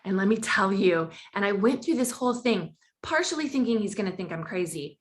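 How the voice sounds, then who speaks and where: A woman guest on a podcast, telling a personal story in conversation and acting out the quoted dialogue with big jumps in pitch. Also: expressive, fairly quick.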